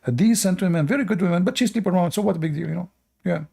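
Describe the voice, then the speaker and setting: A man's voice: sits high, quick pace, creaky, dark tone, slightly rough. A man from the Middle East hosting casual commentary, rambling bluntly and crudely with many fillers and restarts. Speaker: host.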